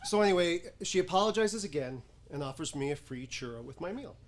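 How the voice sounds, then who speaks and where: Man acting a sardonic tired guy, dry delivery, lively pitch, comedy monologue. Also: a little fast. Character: sardonic, weary man venting about his bad day. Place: acting studio stage before an audience.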